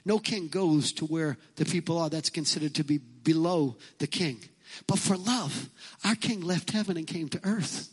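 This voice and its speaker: A man's voice: on the high side, moderate pace, few pauses, breathy edge, poor audio. A male pastor preaching a sermon in an emphatic style, telling a story and driving home points by repeating them.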